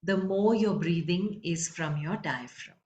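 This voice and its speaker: A woman, a leadership and voice coach explaining breathing and chanting in a calm, instructive way during an interview. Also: fairly low pitch, measured pace, highs cut off. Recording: roomy with faint background noise.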